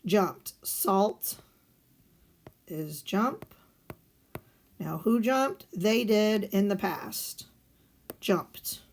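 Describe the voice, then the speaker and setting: A woman's voice: medium pitch, animated, very slow, vocal fry, pauses often. A woman teaching a recorded lesson, explaining step by step and asking and answering her own questions. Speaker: Spanish teacher. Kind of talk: recorded video lesson walking through guided notes.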